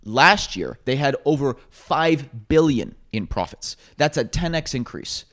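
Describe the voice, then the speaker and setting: A man's voice: mid-range voice, expressive, measured pace, fairly bright tone. A man co-hosting a casual podcast discussion, opinionated and ranting, swearing now and then. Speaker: podcast co-host.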